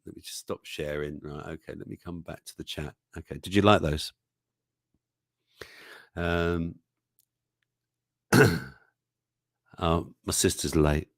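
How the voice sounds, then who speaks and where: A man with a deep, steady voice hosts a casual live-stream news show, taking it slowly and pausing often. He chats, reads memes aloud, chuckles a lot, and exclaims over what he shows. The recording is dry and clean, with studio sound.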